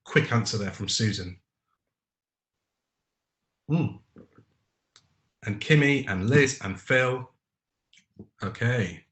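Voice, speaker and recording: A man's voice: medium pitch, slow pace, long pauses, a bit bright, echoey room. A man leading a live online training webinar, reading out participants' chat answers by name, with frequent ums.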